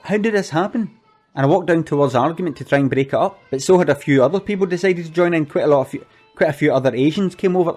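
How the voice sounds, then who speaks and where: A man's voice: fairly high pitch, a little mellow, close to an everyday voice. A flustered, earnest community organiser, played by a man, with a slightly raised voice. He stumbles and repeats his words, sounding apologetic and anxious throughout his comic monologue. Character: anxious, flustered middle-aged male community event organiser. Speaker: event organiser.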